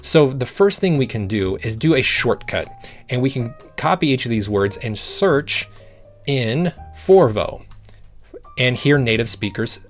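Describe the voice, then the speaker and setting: A man explains a language-learning method in a patient, encouraging way. He repeats sounds slowly to show each step. Faint guitar music plays underneath. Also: mid-range voice, animated.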